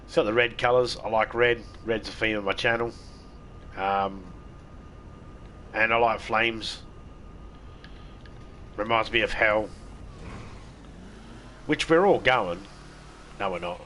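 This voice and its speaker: A man's voice: on the low side, measured pace, long pauses, pushed and bright, slight background noise. An Australian man streaming a game, chatting casually with irreverent jokes and plenty of swearing. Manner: joking, irreverent, swears freely. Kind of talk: casual gameplay chat.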